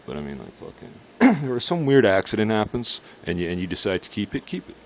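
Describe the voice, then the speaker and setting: A man's voice: fairly low pitch, huge pitch swings, a little fast. A man in a casual vlog monologue, rambling and swearing in an irritated rant, recorded outdoors on a city street. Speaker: vlogger.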